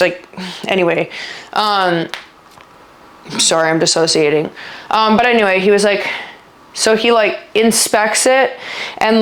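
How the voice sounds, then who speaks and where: Woman, vlogger, middle pitch, casual storytelling, rambling, lots of filler words, halting, trails off. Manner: halting, trailing off when upset.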